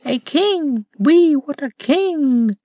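A man voicing a chorus of proud, rebellious talking roses with soft voices, demanding and scornful, in an audiobook. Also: very high voice, lively intonation, very slow, no echo, pitched above the performer's own voice, full character voice. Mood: indignant.

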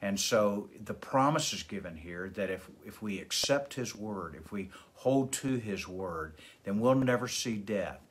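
A pastor reading a scripture passage and explaining it verse by verse, in a measured way with fillers and restarts. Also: male voice, on the low side, animated, slight background noise. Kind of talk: devotional Bible teaching.

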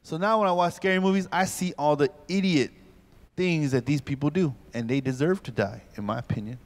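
Pastor in his forties, slightly high voice, lively comic storyteller lecturing a youth camp. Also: a little fast. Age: 40s. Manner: animated comic storytelling, acts out scenes.

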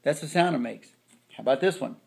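A man teaching a phonics lesson to children, slowly sounding out each part of the words. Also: medium pitch, animated, creaky, a little mellow, slightly rough. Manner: slow, drawn-out sounding of word parts.

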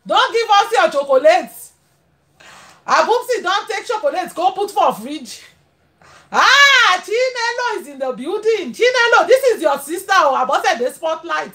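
Nigerian woman host, very high and animated voice, chatty and laughing, greets live-stream viewers. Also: measured pace. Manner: chatty, laughs often, switches into pidgin. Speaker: livestream host. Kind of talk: casual live-stream chat.

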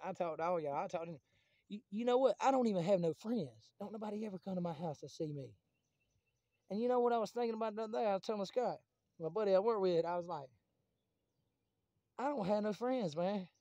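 Chatty high-voiced man. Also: expressive, brisk, mellow, no room sound. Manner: rambling, profane and chatty. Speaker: vlogger. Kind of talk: casual rambling monologue to camera.

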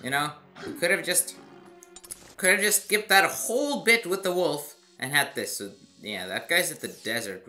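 A man's voice: a little high, pushed and bright. A man doing casual gameplay commentary, chatty with self-mocking asides. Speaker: let's play gamer.

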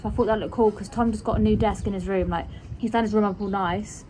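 Casting: young woman vlogger, mid-pitched and chatty, rambling with lots of fillers, faint background hum. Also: fairly even intonation, quick pace, dark tone. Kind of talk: casual vlog chat.

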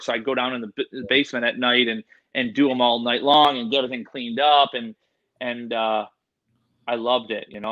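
A man, an animal expert, telling animated, slangy stories in a casual interview, full of "dude" and "like". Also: medium pitch, lo-fi sound. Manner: animated, excitable, slangy, says "dude" and "like" a lot. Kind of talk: casual storytelling in a podcast interview.

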